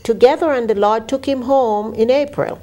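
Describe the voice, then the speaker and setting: A woman's voice: on the high side, moderate pace, slight background noise. A woman with a Jamaican accent, a talk show guest, speaking in a motivational, preacherly manner. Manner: motivational, preacherly, warm-humored. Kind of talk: casual talk show conversation.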